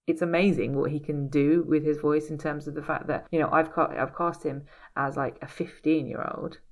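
Low, slightly gravelly woman in casual chat. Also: fairly even intonation, moderate pace. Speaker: casting director.

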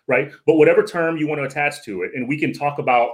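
A man's voice: fairly high pitch, fast talker. A man speaking as a guest in a casual podcast conversation, earnest and lecturing, often repeating words and tagging on "right?".

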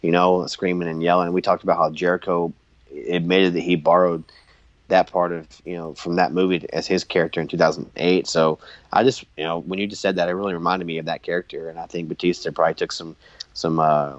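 Deep-voiced man in relaxed wrestling chat. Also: brisk, no room sound, highs cut off. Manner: laid-back, acts out wrestlers' lines in quoted voices. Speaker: podcast co-host. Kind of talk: casual wrestling commentary chat.

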